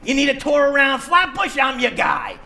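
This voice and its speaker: A man voicing a pushy, loud Brooklyn tour-guide character with a Brooklyn accent. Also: very high voice, moderate pace, gravelly, a little hiss or hum, voice pushed up, full character voice. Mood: brash.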